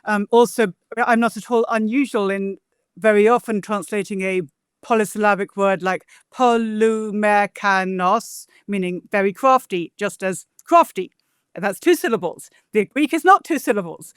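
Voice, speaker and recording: A woman's voice: medium pitch, normal speed, clean tone, no echo, studio quality. A woman translator being interviewed, explaining poetic meter in a scholarly way and tapping out rhythms aloud. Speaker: translator and guest. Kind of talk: interview conversation.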